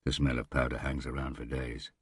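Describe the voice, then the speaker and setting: A man's voice: very deep voice, little pitch movement, fairly quick, slightly rough, no echo, studio quality. A man as a weary, terse detective. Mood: grim. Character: weary, blunt male detective.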